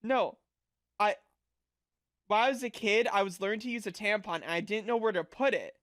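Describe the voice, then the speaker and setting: A man's voice: high-pitched, normal speed, fairly bright tone. Rambling young man, stream chatter. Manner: rambling, filler-heavy, crude and flustered. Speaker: VTuber streamer. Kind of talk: casual stream chat with viewers.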